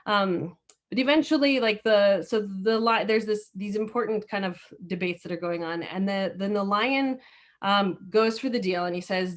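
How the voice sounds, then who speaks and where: A woman's voice: mid-range voice, normal speed. A woman leading a discussion session over a video call, telling a story in a casual, chatty way full of filler words. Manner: chatty, many fillers and restarts. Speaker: discussion leader.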